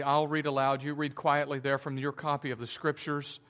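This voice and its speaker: A man preaching a sermon as pastor, reading scripture slowly and deliberately and explaining it earnestly. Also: on the high side, little pitch movement, fairly bright tone. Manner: slow, deliberate reading that stretches key words.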